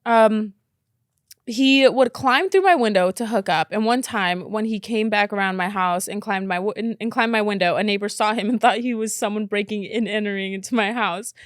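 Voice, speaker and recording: A young woman hosting a podcast, reading out listener stories in casual chat and reacting with incredulous, animated asides. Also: mid-range voice, moderate pace, no room sound, clean studio sound. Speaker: podcast host.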